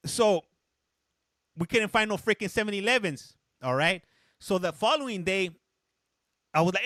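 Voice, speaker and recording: A man with a high-sitting, fairly bright voice hosts a casual live stream, telling a rambling story in an animated, chatty way at normal speed. He pauses often to greet and answer viewers reading chat, and now and then slips briefly into a little Spanish. The sound is clean studio quality with no room sound.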